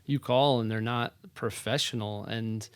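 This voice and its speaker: A man guesting on a podcast talks about his real estate career in a casual, animated way. He acts out quoted lines from people in his stories. His voice is smooth and resonant, and it is recorded dry and close with no room sound. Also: fairly low pitch, a little slow, no echo. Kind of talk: casual interview chat. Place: podcast studio.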